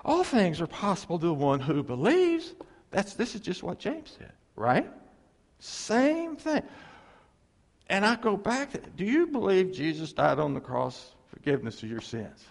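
A man's voice: sits high, a little slow, creaky, big-room sound. A man preaching a sermon, acting out quotes and asking the congregation to answer him. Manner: animated, acts out quotes, asks the congregation for replies. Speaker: pastor.

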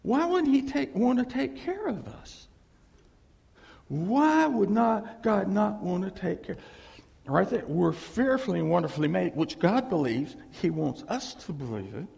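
A man preaching a sermon as pastor, animated and chuckling, acting out little voices as he goes. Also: high-pitched, a little slow, creaky, long reverb tail.

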